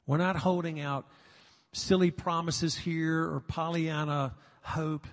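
An older man preaching a sermon, earnest and confessional, sometimes halting on repeated words, recorded live in a large hall. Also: on the high side, fairly even intonation. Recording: long reverb of a large hall.

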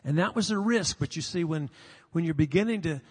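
An older man preaching a sermon, earnest and confessional, sometimes halting on repeated words, recorded live in a large hall. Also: a little high, expressive, a little mellow, husky. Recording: long reverb of a large hall.

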